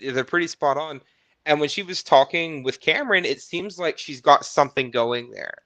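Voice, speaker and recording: A man on a podcast panel, recapping reality TV in casual chat, animated and rapid. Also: a little high, slight background noise.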